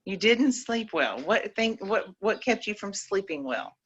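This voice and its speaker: A woman reading scripture in a measured way, then chatting playfully with a child on a video call. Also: medium pitch, expressive, slightly rough, dull audio.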